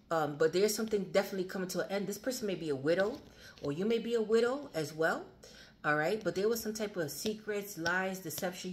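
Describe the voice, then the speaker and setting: A woman giving a casual tarot reading, chatty and repetitive, swearing freely. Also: on the low side. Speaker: tarot reader.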